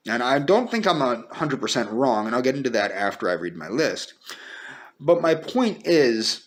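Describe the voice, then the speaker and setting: A man speaking a personal video message to the camera, earnest and pleading, halting and repeating himself as he holds back tears. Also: medium pitch, big pitch swings. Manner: halting and repetitive, restarting sentences. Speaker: vlogger.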